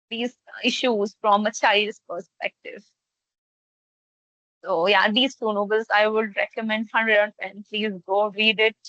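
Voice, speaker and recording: Young female literature student, bright tone, dry lo-fi recording, speaks with eager energy. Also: medium pitch, no echo. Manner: enthusiastic, with many fillers. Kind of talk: casual discussion. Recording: dull dry lo-fi sound.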